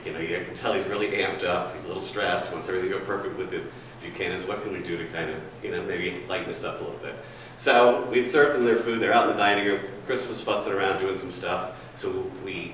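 A man's voice: deep voice, fast talker, a bit bright. Chatty man telling stories in an echoey room. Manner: rambling, folksy, chatty with fillers. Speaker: food and beverage trainer. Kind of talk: storytelling, then presenting to a room. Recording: distant, very echoey room with faint noise.

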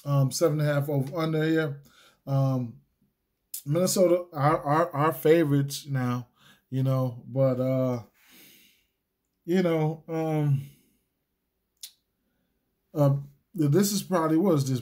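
A man's voice: on the high side, measured pace, long pauses, darkish tone. A man giving sports betting picks in a casual solo video, rambling with lots of fillers, restarts and slang. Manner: laid-back slangy talk. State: hiccups.

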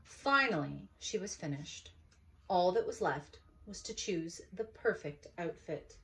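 Woman, mother, storybook read-aloud, very expressive pitch, slow, unhurried.

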